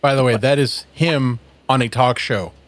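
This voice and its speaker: A man hosting a podcast in casual chat, animated, laughing often and swearing in quick asides. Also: mid-range voice. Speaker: podcast host.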